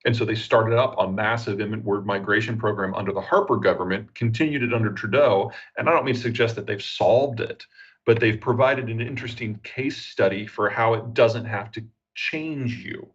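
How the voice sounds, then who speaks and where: Measured and analytical, a geopolitical analyst with an American accent gives interview answers peppered with "uh." His voice is lowish and husky, recorded with the high frequencies cut off.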